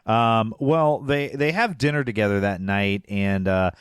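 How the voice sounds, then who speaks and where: A man's voice: lowish voice, measured pace, clear, resonant tone, dry recording, studio quality. A man co-hosting a podcast, casually recapping a movie scene by scene, rambling and trailing off, with a laugh slipping into his lines. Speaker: podcast co-host.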